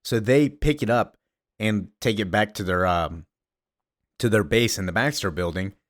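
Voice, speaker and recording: A man retells a comic story casually, rambling with many fillers. His voice is fairly low. The sound is dry and close. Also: moderate pace, no echo. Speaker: comic recap creator.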